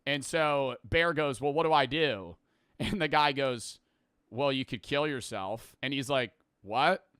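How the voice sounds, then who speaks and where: A man's voice: medium pitch, a bit bright, clean tone, no room sound, studio quality. A young man casually recapping a movie plot, rambling and profane, laughing at the wilder parts.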